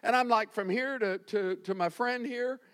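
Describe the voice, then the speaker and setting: A man's voice: extremely high pitch, normal speed, a bit bright, smooth. A male pastor from Florida preaching a sermon, telling stories animatedly with self-deprecating humor.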